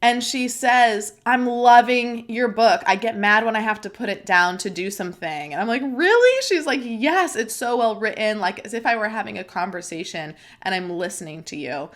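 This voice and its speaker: Speaking fairly quickly with few pauses, this podcast host has a medium-pitched, somewhat bright voice. The young woman gets emotional and tearful as she shares openly in a chatty monologue full of fillers, close to the mic.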